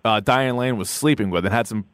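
A man's voice: on the low side, fairly quick, dry recording, clean studio sound. Chatty man reading listener emails. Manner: animated, mocks movie lines in put-on voices. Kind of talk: casual movie chat.

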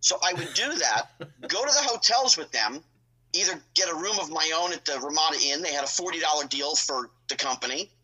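A middle-aged man telling stories as a podcast guest, animated and acting out other people's lines in his own telling. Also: a little high, brisk, breathy edge, poor audio. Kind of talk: casual storytelling.

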